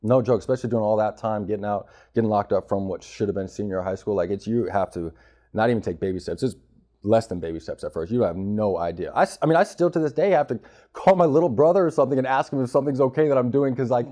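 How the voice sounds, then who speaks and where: A man in his thirties from Arizona rattles off his story at a quick clip, his voice low and dark. He talks blunt and streetwise, dropping "bro" and "you know" everywhere as an interview guest. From Arizona, United States. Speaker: guest, former prisoner. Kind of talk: candid interview talk.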